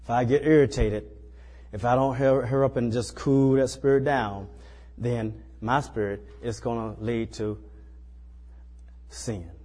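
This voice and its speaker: A man with a husky, slightly breathy voice delivers a sermon in a folksy, conversational way, often tossing in "you know" and "you see." His voice carries a long hall reverb, as if heard through a church sanctuary. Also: mid-range voice, fairly even intonation, unhurried, dark tone. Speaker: preacher. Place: small church.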